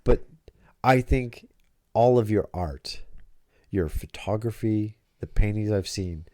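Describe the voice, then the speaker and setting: A man's voice: fairly low pitch, slow pace, warm tone, no echo, clean studio sound. A middle-aged man hosting a casual podcast chat with his daughter, often stumbling and repeating words as he starts a thought. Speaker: podcast host.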